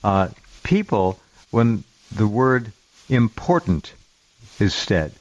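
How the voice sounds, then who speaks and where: A man chatting on a talk radio show, agreeable and quick to jump in. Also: lowish voice, sing-song, a little mellow, highs cut off.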